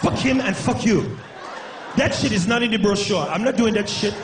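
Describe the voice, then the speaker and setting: A man voicing a panicky, blunt male safari guide who shouts and curses. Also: high-pitched, normal speed, echoey room, pitched above the performer's own voice, close to an everyday voice. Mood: fed-up shouting. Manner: shouting, cursing, refuses outright. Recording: noisy live club recording.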